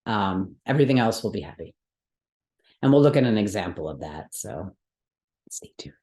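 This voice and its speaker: A woman's voice: extremely low pitch, lively intonation, fairly quick, dark tone. A woman teaching a Sanskrit mantra workshop, explaining rules step by step and often checking in with her students. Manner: patient step-by-step explaining, frequent check-ins with the class. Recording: roomy echoey room.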